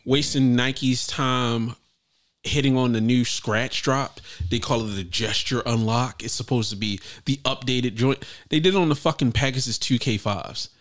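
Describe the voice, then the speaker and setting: A man co-hosting a casual podcast, loud, joking and profane. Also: mid-range voice, normal speed. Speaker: podcast co-host. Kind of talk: casual chat.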